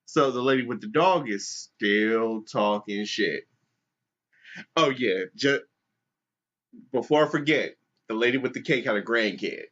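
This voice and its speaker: A podcast co-host tells a story in loose, profane banter, acting out each person with quoted voices in an animated way. His mid-range voice is unhurried, with long pauses. The sound is dull and lo-fi.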